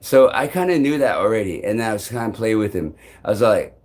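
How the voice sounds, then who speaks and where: A man vlogging on a live stream. He rambles restlessly and swears often, jumping between loud outbursts and low mutters. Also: lively intonation, fairly quick.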